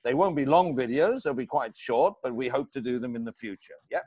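A man co-hosting a casual remote chat over a video call, chatty and quick to banter. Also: mid-range voice, lively intonation, warm tone, breathy edge. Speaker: co-host.

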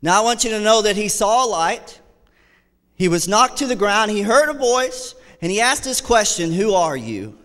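A man's voice: high-pitched, normal speed, fairly bright tone, smooth, long reverb tail. A man preaching a fervent sermon as associate pastor, repeating key phrases and reading scripture aloud. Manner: reads scripture aloud in old-fashioned wording. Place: church sanctuary.

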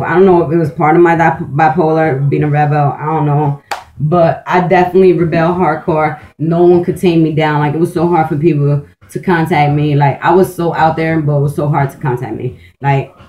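In a lo-fi clip, a low-voiced woman rambles casually through a vlog monologue. She curses often, keeps starting sentences over and leans on "like," coming across as blunt, streetwise, intense and emphatic.

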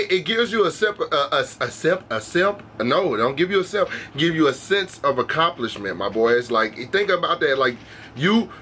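A young man hosting a reaction video with a high, bright voice. He talks in a loose, slangy, profane way and keeps calling his viewers bro. A faint hum sits behind him. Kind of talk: casual reaction commentary.

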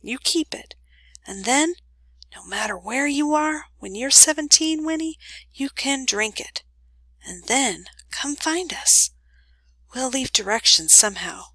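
A woman voicing an earnest young man who talks quickly and quietly in plain country speech, in a storybook reading. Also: high voice, animated, no echo, pitched above the performer's own voice, heavily acted, low-quality recording. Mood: pleading. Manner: hushed, hurried, country speech.

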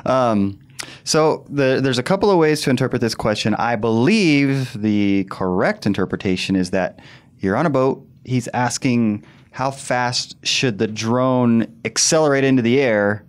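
A man co-hosting a podcast in casual banter, upbeat and teasing, quick to laugh. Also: medium pitch, clean tone. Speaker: podcast co-host.

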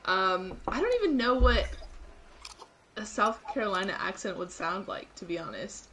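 A woman's voice: mid-range voice, expressive, moderate pace, bright, forceful tone, a little hiss or hum. A young woman in her twenties co-hosting a casual live stream, chatty and using "like" often. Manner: chatty, uses "like" a lot. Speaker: co-host.

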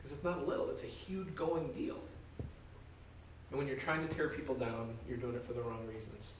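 A man's voice: mid-range voice, steady tone, normal speed, a little hiss or hum. A man pastor leading a conversational verse-by-verse Bible study, joking and acting out quoted voices. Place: church meeting room. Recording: roomy sound from a distance, faint background.

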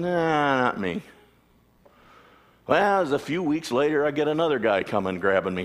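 A man preaching a sermon as a pastor, animated storytelling with acted-out voices. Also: medium pitch, brisk. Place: church sanctuary. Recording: long church reverb.

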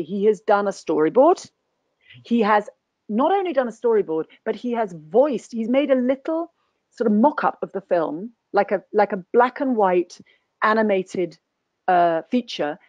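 A woman's voice: a little high, a little mellow, no room sound. A woman guest actor speaking in a conversational webinar interview, thoughtful and anecdotal, often restarting her sentences. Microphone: video call.

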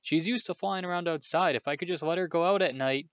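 A man's voice: fairly high pitch, fast talker, a bit bright, dry recording, muffled recording, pitched above the performer's own voice, close to an everyday voice. A man voicing a frustrated, stubborn young wizard boy in a storybook reading, pleading and protesting.

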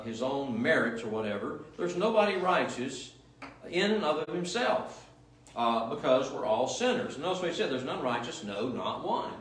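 A man's voice: medium pitch, a bit bright. Emphatic preaching man, echoey church. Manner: emphatic, repetitive preaching with rhetorical questions. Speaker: pastor. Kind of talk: sermon. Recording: echoey room, mic at a distance.

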